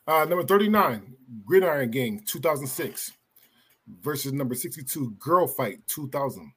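Male podcast host, husky voice, casual delivery, announces results plainly. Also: mid-range voice, lively intonation, moderate pace, fairly bright tone. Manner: reads out vote results, laughs easily.

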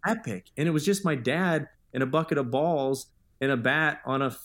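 A man's voice: on the high side, moderate pace, fairly bright tone. A man in his thirties, a guest author telling stories in an earnest, upbeat way in a podcast interview.

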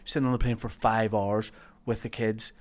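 A man hosting a podcast, telling animated stories in casual chat. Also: on the low side, moderate pace. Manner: animated storyteller, acts out overheard voices. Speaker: podcast host.

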